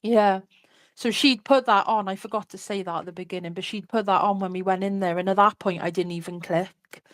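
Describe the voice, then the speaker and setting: A woman's voice: medium pitch, steady tone, fairly quick, fairly bright tone, dry recording. Chatty woman telling her story. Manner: candid, chatty, many fillers like "like" and "you know". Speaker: interview guest. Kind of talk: personal storytelling in an interview.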